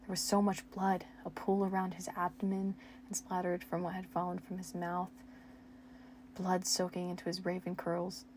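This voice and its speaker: A woman's voice: lowish voice, monotone, normal speed, darkish tone, a little hiss or hum. A young woman reading her old fan fiction aloud at home, making self-mocking asides and laughing at her own writing.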